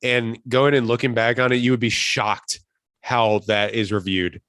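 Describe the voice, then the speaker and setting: A man co-hosting a podcast in casual chat, animated and swearing, often breaking off mid-sentence. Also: mid-range voice, a little slow, clear, resonant tone, dry recording. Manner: animated, swearing, self-interrupting. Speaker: podcast co-host.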